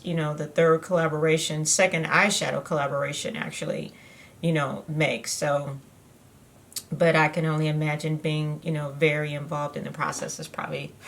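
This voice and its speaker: Slow-talking woman doing a makeup tutorial. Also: fairly low pitch. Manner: chatty, rambling, many fillers. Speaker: beauty vlogger. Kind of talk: casual makeup tutorial chat.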